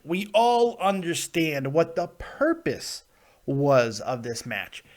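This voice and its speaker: Guy hosting a wrestling review, ranty and sweary, kinda high voice, stuffed up from a cold. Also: sing-song, takes it slowly. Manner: ranting, profane, laughs often. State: getting sick, plugged ears. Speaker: podcast host. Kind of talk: live wrestling review show.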